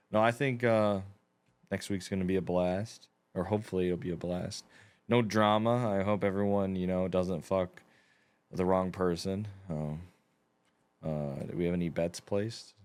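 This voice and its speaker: A man's voice: low-pitched, steady tone, a little slow, long pauses, a little mellow, smooth. A man on a podcast, bantering and cracking crude jokes in casual chat. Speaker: podcast guest.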